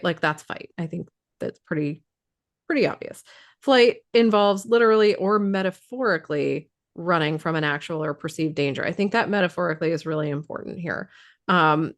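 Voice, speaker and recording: A woman who is losing her voice explains trauma responses in casual talk, thoughtful, with many fillers and restarts. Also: lowish voice.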